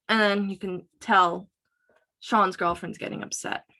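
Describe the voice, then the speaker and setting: Woman walking through a book passage, unhurried and explanatory. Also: medium pitch, steady tone, pushed and bright. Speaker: reader presenting a book. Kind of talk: reading aloud and explaining a passage.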